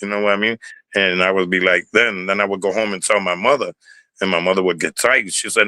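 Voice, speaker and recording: A man's voice: on the low side, steady tone, quick pace, bright, forceful tone, dry recording, rough recording. An older man with a New York Puerto Rican accent, telling stories in a rambling interview, repeating words and swearing freely. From Bronx, New York. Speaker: interview guest, former dancer. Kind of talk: casual storytelling interview.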